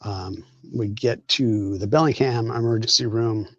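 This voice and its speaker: A man's voice: on the low side, measured pace, no echo. Man telling his story over a dull call. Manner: steady, matter-of-fact retelling with small restarts. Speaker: guest, crash survivor. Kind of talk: casual storytelling on a live stream. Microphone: video call from a hospital bed.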